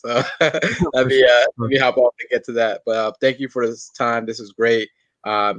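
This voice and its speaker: A man's voice: on the low side, fairly bright tone, no echo. A man who runs a club, signing off from a podcast over a video call in a polite, grateful way. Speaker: guest running a club. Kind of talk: casual chat. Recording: dull lo-fi call audio.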